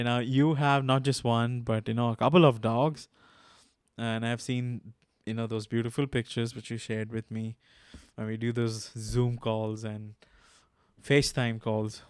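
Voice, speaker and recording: Smooth-voiced man hosting a podcast. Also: medium pitch, darkish tone, dry recording, studio quality. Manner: laughs often, asks questions slowly and deliberately. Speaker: podcast host. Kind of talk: casual podcast chat.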